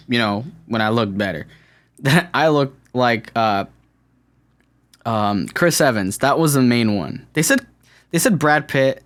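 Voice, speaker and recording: A man's voice: medium pitch, fairly bright tone. A man hosting a solo podcast, rambling in a self-deprecating way with lots of fillers and restarts. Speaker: podcast host. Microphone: camera-recorded podcast setup.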